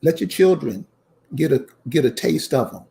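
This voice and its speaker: A man's voice: on the high side, lively intonation, normal speed, creaky, warm tone. A man giving a casual commentary rant to his viewers, emphatic and preachy, repeating his points and calling out to them directly. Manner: emphatic, repeats lines, addresses viewers as y'all. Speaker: channel host.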